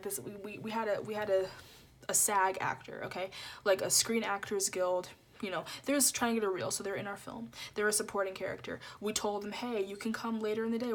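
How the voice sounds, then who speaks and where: A young woman giving a casual tarot reading to viewers, rambling and repeating herself, full of filler words. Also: mid-range voice. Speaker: tarot reader.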